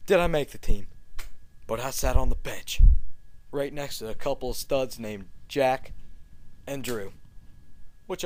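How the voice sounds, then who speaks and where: Cocky deadpan young man. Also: on the high side, a little hiss or hum. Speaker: comedic vlogger. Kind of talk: comedic storytelling monologue.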